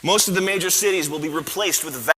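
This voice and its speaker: A man giving a parody motivational talk to a university audience, bombastic and erratic, with sudden shouts. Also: a little high, fast, soft background music. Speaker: comedic stage speaker. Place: university auditorium. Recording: echoey hall with faint ambience.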